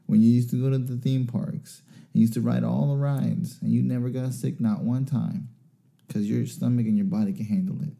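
A man's voice: mid-range voice, steady tone, moderate pace, creaky, warm tone. A young man telling a crude, self-mocking story in a casual chat, swearing freely.

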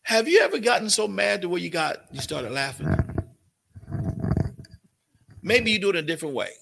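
A man preaching at a fairly high pitch, his voice bright and gravelly. He talks emphatically and keeps throwing rhetorical questions to the congregation. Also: big pitch swings, moderate pace. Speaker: pastor. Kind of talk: sermon.

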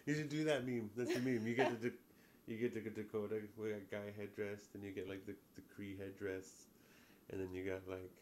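A man co-hosting a casual podcast, joking in a teasing, deadpan way. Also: lowish voice, brisk, a little hiss or hum. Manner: teasing, deadpan jokes, puts on voices. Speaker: podcast co-host.

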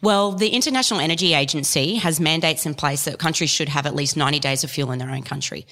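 Passionate woman with a lowish voice. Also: quick pace, a bit bright, in a large hall. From Australia. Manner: passionate, emphatic, fact-heavy. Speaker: biofuels industry guest. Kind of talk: podcast discussion.

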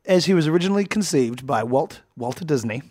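A man's voice: fairly high pitch, expressive, quick pace, a little mellow, no echo, studio quality. A man co-hosting a casual comedy podcast, rambling and joking and laughing often. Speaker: podcast co-host.

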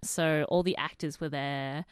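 A woman's voice: deep voice, a little slow, smooth, dry recording, clean studio sound. A young Australian woman, a podcast guest, telling stories in casual chat and laughing often. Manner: animated storyteller, laughs often.

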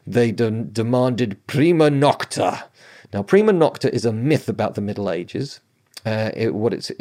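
A man giving casual history commentary, chatty and emphatic, with quick asides and frequent checks with the listener. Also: fairly low pitch, darkish tone.

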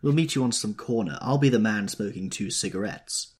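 A man's voice: lowish voice, fairly quick, husky, pitched above the performer's own voice. A man voicing a peevish, flighty young society woman in an audiobook reading, in a raised, plaintive voice. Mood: petulant.

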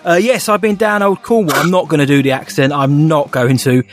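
A man's voice: fairly high pitch, fairly even intonation, fairly quick, soft background music. A young man co-hosting a podcast, chatting casually with jokey, upbeat banter. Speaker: podcast co-host. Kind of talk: casual chat.

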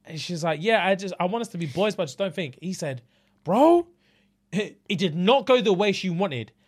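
A London-accented man co-hosts a podcast, his voice high-pitched and fairly quick. In casual chat he retells a story with animation, swearing freely and acting out what people said in changing voices.

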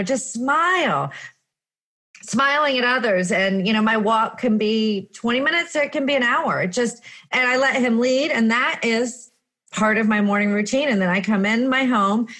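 A woman chatting casually, telling a story with lively acted-out exclamations. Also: mid-range voice. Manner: animated storytelling, acting out her own exclamations. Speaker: guest. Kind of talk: casual chat.

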